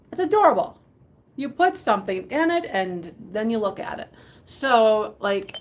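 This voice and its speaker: A chatty woman hosts a live vintage sale. She rambles and giggles as she shows items, her voice at a middle pitch. Faint noise sits behind her. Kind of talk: casual live selling chat.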